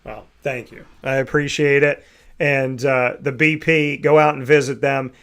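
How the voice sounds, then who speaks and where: A man's voice: medium pitch, flat delivery, unhurried, creaky, a bit bright, clean tone. A man hosting a morning sports talk show, chatting casually and reading promos with enthusiasm.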